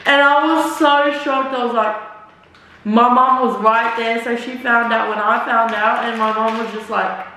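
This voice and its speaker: A woman's voice: a little high, fairly even intonation, a little slow, pushed and bright, a little hiss or hum. A young woman telling a casual storytime while doing her makeup, rambling and swearing freely, with lots of "like" and "literally". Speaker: vlogger. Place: echoey room, talking away from the camera. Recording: roomy echo, mic at a distance.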